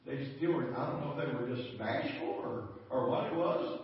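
A man's voice: medium pitch, normal speed. A man preaching a storytelling sermon in a folksy, chuckling way that rises to fervent exhortation. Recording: echoey church hall from far off, dull.

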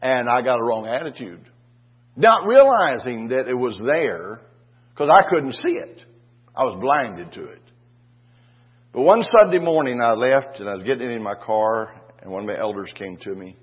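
A husky-voiced older male pastor preaches in a homespun, storytelling way and keeps checking in with his congregation. The recording is dull and lo-fi. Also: mid-range voice, very animated, moderate pace. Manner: folksy, restarts with "and, uh", asks "Amen?" of the congregation. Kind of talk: sermon.

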